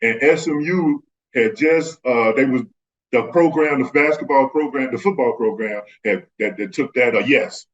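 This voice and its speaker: A former pro basketball player, appearing as a guest, tells stories in casual chat and acts out the voices of the people in them. He has a medium-pitched voice and a moderate pace, and the audio sounds dull.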